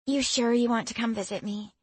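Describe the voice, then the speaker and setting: A woman's voice: fairly high pitch, steady tone, brisk, slightly rough, no echo, voice pushed up. A woman voicing a hesitant, good-natured teenage girl in an audiobook. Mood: playful.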